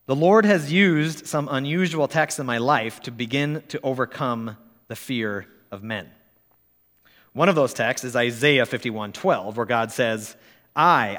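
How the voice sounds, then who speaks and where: A man preaching a sermon and reading a long quote aloud, in a measured, earnest way. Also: medium pitch, fairly bright tone. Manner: measured, earnest, slow delivery. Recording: long hall reverb.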